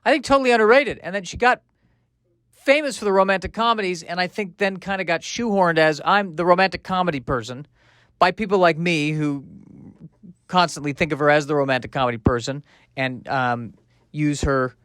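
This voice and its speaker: A man's voice: on the high side, a little fast, a bit bright, clear, resonant tone, no room sound, clean studio sound. A man hosting a solo comedy podcast, rambling through tangents with lots of fillers. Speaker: podcast host.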